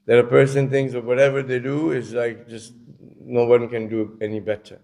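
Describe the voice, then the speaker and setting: A man's voice: medium pitch, flat delivery, normal speed, creaky, a little mellow. A man delivering a conversational religious lecture, telling stories with many casual asides. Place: community centre lecture.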